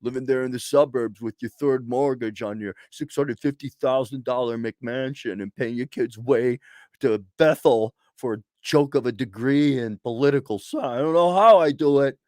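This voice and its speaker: A man's voice: mid-range voice, normal speed, darkish tone, no echo, clean studio sound, lightly acted. A man putting on the voice of an envious, smug suburban homeowner, in a mocking, sneering impression.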